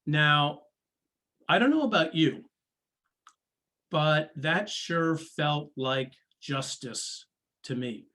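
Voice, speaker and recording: Male speaker at a talk, unhurried and deliberate, quoting others as he tells a story. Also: fairly high pitch, lively intonation, pushed and bright. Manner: slow, deliberate storytelling with quoted voices. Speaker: guest speaker, former prosecutor.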